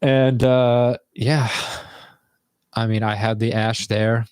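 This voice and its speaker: A man's voice: mid-range voice, little pitch movement, slow, darkish tone, clear, resonant tone, dry recording, clean studio sound. A young man telling a rambling, casual story to viewers from his bedroom, swearing freely as he goes. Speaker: vlogger.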